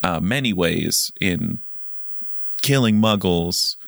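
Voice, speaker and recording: Podcast co-host: man with a deep gravelly voice, loose halting delivery. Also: expressive, fairly bright tone, no echo, clean studio sound. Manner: halting, many fillers and restarts. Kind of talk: casual book discussion podcast.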